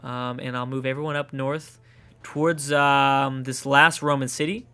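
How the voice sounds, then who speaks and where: A Canadian man, speaking with a Canadian accent, casually talks through his own strategy game as a let's play gamer, thinking aloud and swearing when things go wrong. His voice is medium-pitched and level, a little slow, with a bright, forceful and clean tone.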